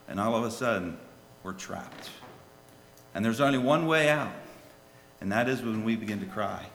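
A man preaching a sermon and telling a children's story, swinging from soft, low asides to loud, high pleas. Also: very animated, a little slow, long pauses. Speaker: lay preacher. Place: church. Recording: echoey hall with faint ambience.

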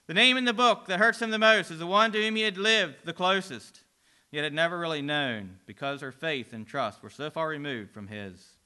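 Bright, clear male story narrator. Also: a little high. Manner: dramatic, swinging between loud and hushed. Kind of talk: dramatic religious story reading.

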